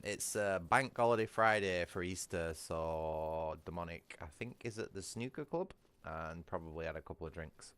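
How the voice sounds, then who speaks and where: A British gaming livestreamer chats from home, rambling and crude, restarting sentences and often laughing. He has a lowish voice with a fairly bright, clean tone.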